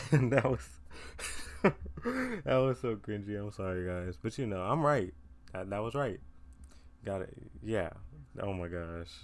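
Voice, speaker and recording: A man's voice: on the low side, sing-song, unhurried, pauses often. Tired teen guy rambling solo. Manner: rambling, filler-heavy, self-deprecating. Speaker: podcast host. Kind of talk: casual solo chat.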